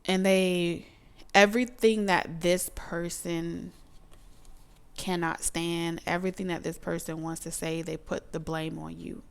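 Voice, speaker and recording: A young woman chats through a tarot reading in a low, gravelly voice. Her tone is smooth and clear. She turns emotive and drops into soft asides. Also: normal speed. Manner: chatty and emotive, drawls and slips into soft asides. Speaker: tarot reader and psychic medium.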